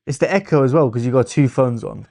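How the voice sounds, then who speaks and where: A young man with an English accent hosting a casual football watchalong stream, teasing viewers and thinking out loud. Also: mid-range voice, quick pace, gravelly, dry recording.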